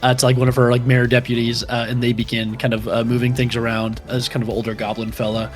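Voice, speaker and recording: A man's voice: mid-range voice, little pitch movement, fast talker, faint music behind. A young man as game master, narrating a tabletop game in a rambling way full of fillers.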